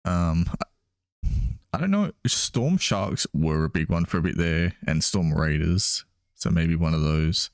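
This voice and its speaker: A man's voice: sits low, expressive, unhurried, clear, resonant tone, no room sound, clean studio sound. A man chatting casually as a podcast co-host while watching a football game, laughing often and restarting his sentences.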